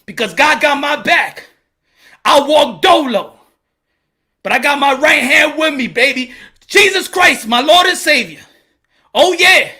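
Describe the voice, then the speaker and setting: A man hosting a boxing channel, giving an impassioned to-camera monologue in blunt street slang, fervent and preachy, often breaking into shouts. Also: very high voice, lively intonation, unhurried, long pauses.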